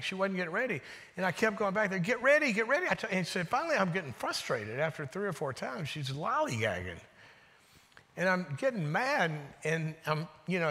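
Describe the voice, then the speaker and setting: A man giving a sermon, telling stories in an animated way and dropping to a hushed voice when quoting people. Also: on the high side. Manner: animated storyteller, drops to a hushed voice for quotes. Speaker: guest speaker. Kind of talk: sermon with storytelling. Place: church sanctuary. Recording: reverberant church hall.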